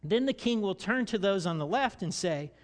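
High-voiced male pastor preaching. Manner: expressive, slows down for emphasis and acts out quoted voices. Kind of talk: sermon.

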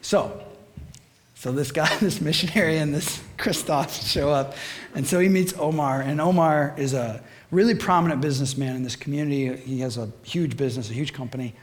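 A man preaching a sermon, animated and conversational, asking the congregation questions and acting out voices in his stories. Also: a little high, moderate pace.

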